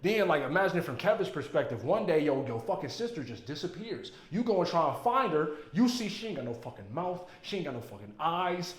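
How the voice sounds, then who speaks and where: A man giving casual, emphatic movie commentary, excitable and full of profanity. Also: on the high side, a little fast, hardly any pauses. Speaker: movie reviewer. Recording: roomy echo.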